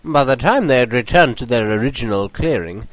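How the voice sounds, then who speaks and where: A man's voice: medium pitch, expressive, fairly quick, a bit bright, no echo, low-quality recording. British man reading a mock storybook. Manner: earnest bedtime-story delivery. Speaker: comedy show host.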